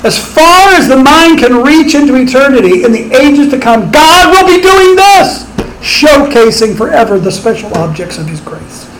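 A man's voice: very high-pitched, lively intonation, moderate pace, hardly any pauses, a bit bright, a little hiss or hum, low-quality recording. A middle-aged man preaching a sermon as pastor, emphatic and rising on his rhetorical questions.

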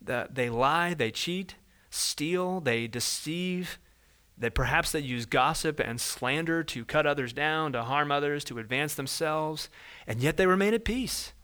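A man preaching a sermon with a bright, forceful voice. He talks to the congregation conversationally and acts out everyday moments in lively put-on voices. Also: on the high side, unhurried, smooth. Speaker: pastor.

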